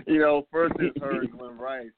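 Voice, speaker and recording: A man's voice: on the high side, wildly swooping pitch, takes it slowly, no echo. A man in his fifties hosting a casual sports talk show, loose and rambling, full of fillers and laughs. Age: 50s. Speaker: podcast host. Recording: phone-like line, dry sound.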